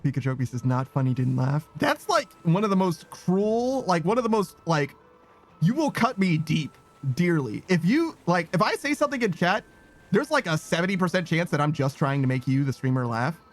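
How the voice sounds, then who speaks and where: A man's voice: high-pitched, big pitch swings, normal speed. A man streaming a game, chatting casually, reading chat aloud and laughing easily. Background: faint game music.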